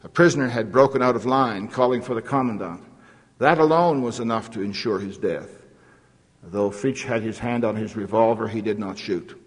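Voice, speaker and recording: A man delivers a formal sermon in a measured, solemn manner, with old scriptural phrasing woven through his storytelling. His voice sits low and a little husky. The sound carries a long echo, as if from a large hall. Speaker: preacher.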